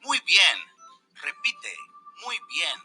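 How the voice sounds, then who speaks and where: A man's voice: on the high side, wildly swooping pitch, slow, bright, forceful tone, breathy edge, faint music behind, heavily acted. A man voicing a zany marshmallow professor in a kids' Spanish video, with an exaggerated sing-song delivery and repetitive drills. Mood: teaching. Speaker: video teacher character.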